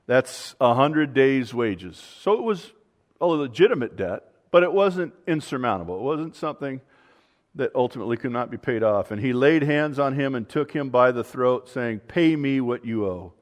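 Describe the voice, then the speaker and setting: Male preacher, mid pitch, earnest sermon delivery with loud peaks and hushed asides. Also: expressive, normal speed. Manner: earnest preaching, swings between loud emphasis and quiet asides. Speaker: pastor.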